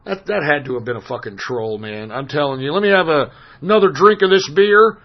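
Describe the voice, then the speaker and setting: A man hosting a call-in radio show, ranting in an exasperated, profane way, his voice hoarse from screaming. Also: a little high, animated, a little fast. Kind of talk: profane talk radio rant. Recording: dull lo-fi stream audio.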